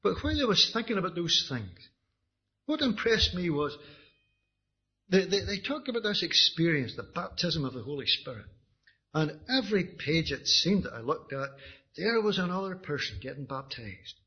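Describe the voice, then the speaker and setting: Man, Northern Irish accent, husky voice, slightly high pitch, earnest testimony, dull lo-fi recording. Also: sing-song, moderate pace. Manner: earnest, with frequent restarts and repetitions. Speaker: preacher giving his testimony. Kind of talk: personal testimony sermon.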